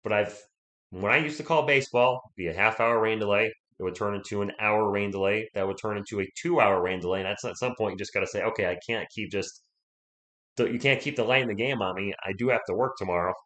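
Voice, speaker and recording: Still recovering from illness, a male sports livestream host chats in a rambling, casual way, greeting viewers by name. His voice is lowish and a bit bright, and he talks a little fast.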